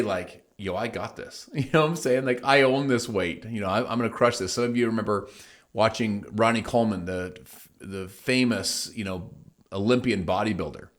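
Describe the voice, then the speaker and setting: A middle-aged man with a fairly low, fairly bright voice hosts his own show. He tells a motivational story emphatically in a monologue, acting out the people he quotes.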